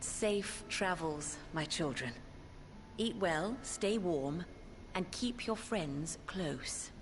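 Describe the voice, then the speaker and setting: A woman voicing a wise older woman who gives measured, gentle counsel in a game cutscene. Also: on the low side, animated. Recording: game audio with music behind.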